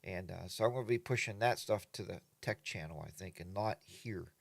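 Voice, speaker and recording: A man's voice: deep voice, brisk, vocal fry, no echo. A man hosting a casual morning livestream from his home studio, greeting viewers by name and rambling along with plenty of fillers. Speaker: livestream host.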